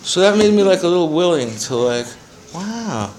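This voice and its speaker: A man's voice: high voice, very animated, moderate pace, darkish tone, slight background noise, low-quality recording. A man in his seventies giving a personal testimony to a recovery meeting, rambling through his story with profanity and self-mocking humor. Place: meeting room with a small audience.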